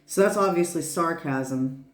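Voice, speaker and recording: A woman's voice: sits low, a little slow, roomy sound. A woman giving a casual tarot reading who rambles, laughs often and swears freely. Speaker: tarot reader.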